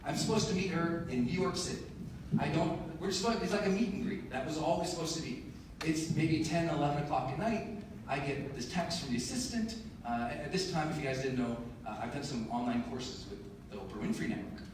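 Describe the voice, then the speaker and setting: A high-voiced male motivational speaker gives a live keynote in a large conference hall, speaking a little fast. He tells animated, emphatic stories full of self-mocking humor, picked up by a distant mic amid echo and audible room ambience.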